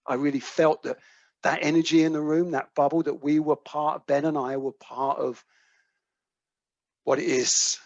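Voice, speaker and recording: A man's voice: fairly high pitch, little pitch movement, moderate pace, a little mellow, no echo. A man with a British accent, speaking at a recovery workshop and telling a personal story, acting out the quoted dialogue and swearing now and then. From United Kingdom. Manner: vivid storyteller who acts out quoted dialogue, swears casually. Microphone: video call microphone. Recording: dull, lo-fi call audio.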